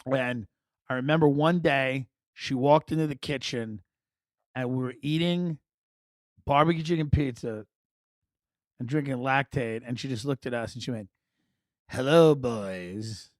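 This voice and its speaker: A man hosting a podcast, telling comic stories in a rambling, wry, animated way. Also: mid-range voice, normal speed, long pauses, dry recording, clean studio sound. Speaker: podcast host. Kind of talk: comic storytelling monologue.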